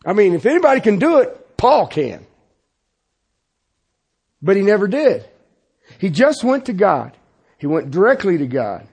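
A man preaching a sermon as pastor, swinging from loud insistence to hushed, pleading passages. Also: sits high, sing-song, unhurried, pauses often, slightly rough.

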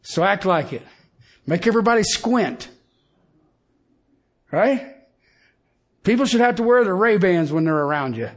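A middle-aged man preaching a sermon in a folksy, emphatic way, swinging from loud points to hushed lines. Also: sits high, lively intonation, unhurried, long pauses. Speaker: pastor.

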